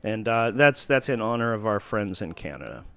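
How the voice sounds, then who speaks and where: A man hosting a talk show, chatting in a halting way with many fillers and restarts. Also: lowish voice, very animated, vocal fry, sharp tone, smooth. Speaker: podcast host. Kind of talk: casual chat.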